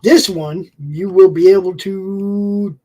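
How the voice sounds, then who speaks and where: A man's voice: high voice, steady tone, slow, mellow, rough recording. A man co-hosting a casual livestream chat, rambling and offhand and swearing casually as he looks over new comics. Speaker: co-host.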